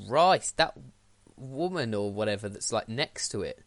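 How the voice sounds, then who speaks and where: A man's voice: on the low side, lively intonation, measured pace, fairly bright tone, dry recording. A young man hosting a podcast, easygoing and laughing along with his co-hosts. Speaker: podcast host. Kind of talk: casual podcast chat.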